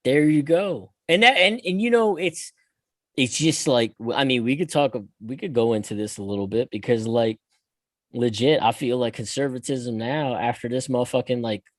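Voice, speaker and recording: A man hosting a podcast, ranting in casual, profane chat that swings between loud bursts and quiet asides. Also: mid-range voice, normal speed, no room sound. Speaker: podcast host.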